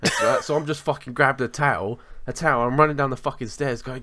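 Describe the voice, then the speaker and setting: A man co-hosting a podcast, telling a story in a sweary, animated way in casual chat. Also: medium pitch, fast talker, slight background noise. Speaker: podcast co-host.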